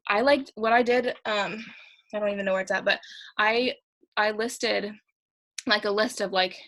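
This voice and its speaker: A young woman talks quickly and a little out of breath, coaching her team in a casual, chatty way. She sounds upbeat as she hosts the group on a video call. Her pitch sits in an everyday middle range. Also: fairly even intonation, a bit bright, rough recording. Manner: fast-talking, chatty, upbeat.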